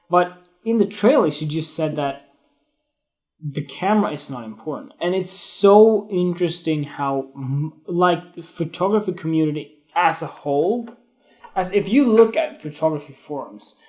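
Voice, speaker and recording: A man's voice: on the high side, darkish tone. A young man hosting a solo photography show, rambling and blunt, swearing freely as he talks off the cuff on a live stream. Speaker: photography podcast host.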